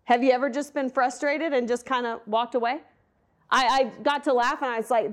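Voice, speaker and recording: High-voiced woman teaching scripture. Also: steady tone, brisk. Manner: candid, conversational, asks the audience questions. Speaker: Bible teacher. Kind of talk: sermon.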